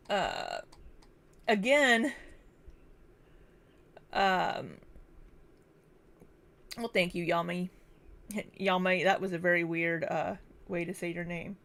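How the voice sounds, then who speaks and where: A young woman with a lowish, slightly bright voice and some vocal fry hosts a casual kitchen livestream from home. Distracted and chatty, she reads super chats and greets viewers aloud by name.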